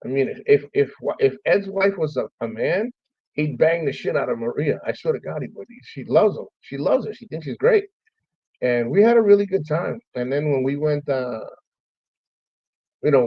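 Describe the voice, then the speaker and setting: A male streamer gives an emotional, rambling memorial monologue about a friend he lost, heartfelt and casually swearing. His voice is mid-range, and the recording has no echo but a lo-fi sound.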